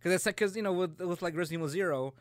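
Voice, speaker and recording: A man's voice: high voice, very fast, no echo. A man in casual chat, talking loosely, swearing freely and trailing off mid-thought.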